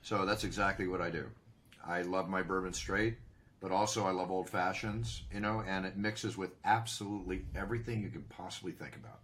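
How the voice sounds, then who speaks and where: A man's voice: low-pitched, brisk, fairly bright tone. A man speaking as a guest in a casual interview, enthusiastic about his bourbon. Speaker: bourbon brand partner.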